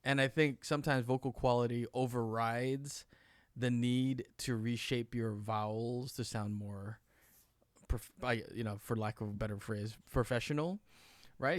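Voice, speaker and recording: A man's voice: mid-range voice, normal speed, dry recording, clean studio sound. A man co-hosting a casual live panel chat, reading out viewer comments and joking with mock voices. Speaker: co-host.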